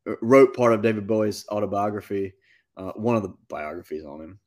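A man, a musician guest telling a long story in a casual, animated interview. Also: fairly low pitch, a little fast. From North Carolina. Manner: animated anecdote-telling, with quoted asides.

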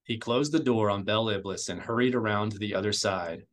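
Man reading an audiobook, measured. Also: lowish voice. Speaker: audiobook reader. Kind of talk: audiobook narration.

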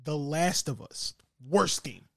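A man joking with friends on a podcast, emphatic and teasing, sometimes going mock-serious. His voice is high and swings a lot in pitch. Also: expressive, takes it slowly, creaky, fairly bright tone. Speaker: podcast co-host. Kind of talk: casual comedic chat.

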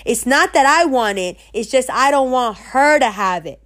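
A woman's voice: high voice, animated, moderate pace, a bit bright. A middle-aged woman telling a story in a casual, blunt rant, heavy with slang and swearing. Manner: blunt, profane and emphatic; streetwise slang.

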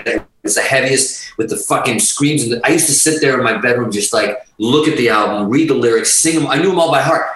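A man's voice: lowish voice, fairly bright tone, reverberant, far from the mic, poor audio. A middle-aged man, telling rambling, profane stories in a casual chat as a musician guest.

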